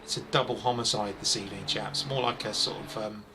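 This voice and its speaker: A man over forty doing live, chatty commentary on a sim race, excitable when incidents happen. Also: on the low side, fairly quick, noisy background.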